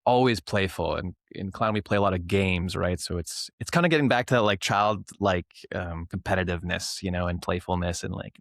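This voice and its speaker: Deep gravelly Canadian man, animated storyteller. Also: a little fast, hardly any pauses, dry recording, studio quality. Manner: animated storyteller, acts out classroom voices. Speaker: clown and improv teacher, guest. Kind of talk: casual interview talk.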